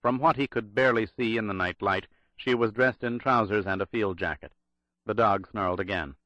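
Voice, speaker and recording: A man narrating a thriller audiobook in a measured, dramatic read. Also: lowish voice, no echo, highs cut off.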